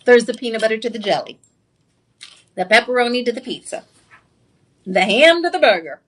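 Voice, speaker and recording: A woman presenting jewelry on live TV shopping, excitable and chatty, confiding personal stories and throwing sassy asides to viewers. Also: on the high side, a little fast. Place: TV shopping studio.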